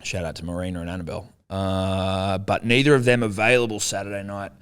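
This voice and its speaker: His voice is deep, clean, and a little fast: a young adult co-host on a relaxed podcast. He drops plenty of swear words while animatedly recounting a story, voicing the quotes himself.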